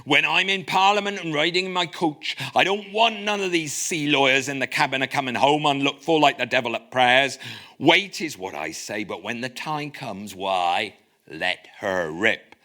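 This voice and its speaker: A man reading aloud as a scheming one-legged pirate cook, in a put-on West Country pirate accent and a gruff, rough-and-ready tone. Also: medium pitch, animated, normal speed, pushed and bright. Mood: menacing. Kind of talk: dramatic reading.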